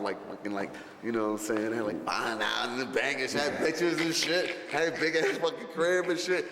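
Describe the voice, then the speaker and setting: Looking back on a film shoot in an interview, a rapper tells meandering, profane stories stuffed with filler words. He has a medium-pitched, fairly bright voice. The recording has a roomy, long reverb and a little background noise.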